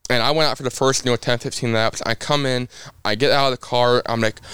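A man's voice: mid-range voice, quick pace, clean tone, dry recording. Young male racer, chatty storyteller, clean dry close voice, lots of fillers. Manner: rambling, animated anecdotes with many fillers. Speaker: race car driver guest. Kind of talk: casual storytelling on a podcast.

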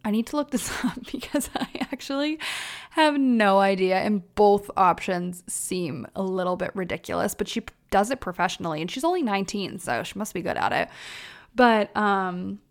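A young woman hosting her own podcast talks through a reality show in a loose, chatty way and slips into other people's lines without changing her voice. Her tone has a steady gravelly fry at a middle pitch. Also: moderate pace. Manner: chatty and animated, acting out quotes in her own voice. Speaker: podcast host. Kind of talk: casual solo recap chat.

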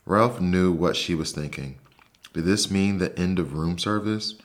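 A man with a deep, low voice reads a bedtime story aloud. His narration is soft, slow and soothing. He speaks as a calm podcast host.

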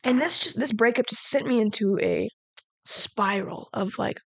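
A woman's voice: on the high side, moderate pace, fairly bright tone, slightly rough, dry recording. A young woman hosting a podcast, telling a personal story in a candid, rambling way with lots of "like". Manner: candid, rambling, heavy use of "like". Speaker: podcast host.

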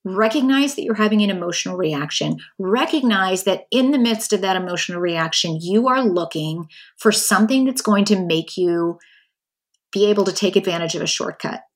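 Woman podcast host, solo casual talk, candid and animated, mid-range voice. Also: medium pitch, moderate pace. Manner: candid, animated, acts out quoted inner voices.

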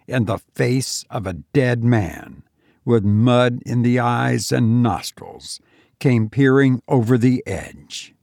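Slow gravelly male storyteller. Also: mid-range voice, darkish tone, dry recording, studio quality. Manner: slow, measured reading. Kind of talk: scripted narration.

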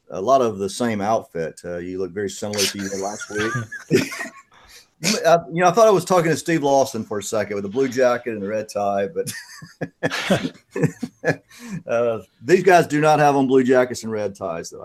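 A man, a guest author on a podcast, answering questions in a relaxed way with many pauses. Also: mid-range voice. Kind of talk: conversational interview answers.

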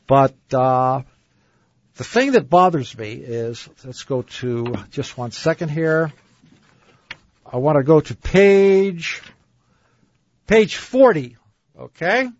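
A man's voice: a little high, expressive, slow, pauses often, a little mellow, no room sound, highs cut off. A man hosting a dating advice radio show, reading book passages aloud and arguing against them in an opinionated way. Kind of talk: radio talk show commentary.

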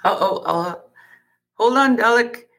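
A host breaks into the guest's story to steer him back, speaking in a very bright, sharp voice. The talk is loose and chatty, with frequent laughter. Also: mid-range voice, measured pace. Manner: interrupts to steer, laughs often. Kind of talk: casual interview chat.

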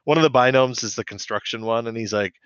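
Talking fast in a smooth, fairly bright medium-pitched voice, this podcast co-host chattily recaps a cartoon episode and performs the characters' lines. There's no echo, and the recording is dry with a slightly dull mic sound.

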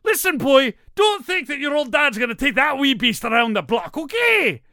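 A man's voice: very high-pitched, very animated, moderate pace, pushed and bright, dry recording, studio quality, voice pushed up, full character voice. A man putting on a crude, blustering Scottish character with a broad Scottish accent. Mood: brash.

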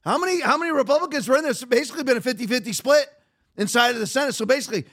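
A man's voice: very high-pitched, rapid-fire, a bit bright, no echo, clean studio sound. A man hosting a podcast, talking in a fired-up casual monologue, repeating figures and often restarting his sentences. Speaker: podcast host.

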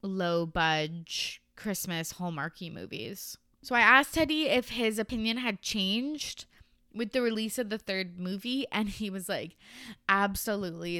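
A woman's voice: mid-range voice, sharp tone, clean tone, no room sound, studio quality. A young woman hosting a podcast, chatting casually and sarcastically about a movie, with frequent swearing and filler words. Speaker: podcast host. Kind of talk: casual movie review chat.

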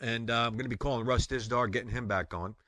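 A man's voice: mid-range voice, fast talker, no room sound. A man with a New York accent hosting a Christian online radio show, chatting and joking with guests. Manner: joking, rambling, loud sign-offs. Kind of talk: casual chat.

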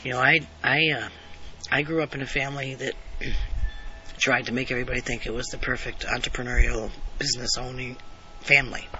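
A man speaking earnestly in a bright, forceful voice as he reflects on his own life, repeating phrases and sometimes sinking almost to a whisper. The recording sounds a little dull, with a faint hiss underneath. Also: medium pitch, steady tone, brisk. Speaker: speaker telling a personal story. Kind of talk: reflective personal storytelling.

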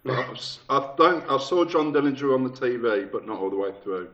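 A man's voice: medium pitch, lively intonation, brisk, fairly bright tone. A man guesting on a casual podcast, talking hesitantly with lots of uhs as he tells a story. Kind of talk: casual chat. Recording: dull lo-fi sound.

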